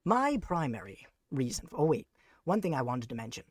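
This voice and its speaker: A streamer chatting live on a desk mic, using grand, formal, mock-villainous phrasing with sarcastic deadpan jokes. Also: medium pitch, fairly quick, slightly rough, no room sound, clean studio sound. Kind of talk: casual live-stream chat.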